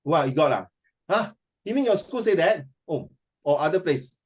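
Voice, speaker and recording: A man's voice: fairly high pitch, lively intonation, moderate pace, husky. A man with a Singaporean accent teaching a class, chatty and full of fillers, quizzing his students as he goes. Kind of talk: classroom lecture.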